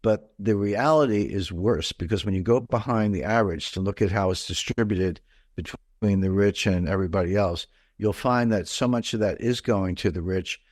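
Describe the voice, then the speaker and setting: A man's voice: lowish voice, moderate pace, a little mellow, dry recording, studio quality. A middle-aged man from the mid-Atlantic United States, talking as an interview guest in a rambling, digressive way with many fillers and restarts. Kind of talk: conversational interview.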